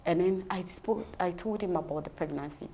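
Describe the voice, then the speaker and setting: A woman's voice: fairly low pitch, a little fast, mellow, a little hiss or hum. A woman with a Ghanaian accent, an interview guest vividly telling her personal story and acting out the dialogue.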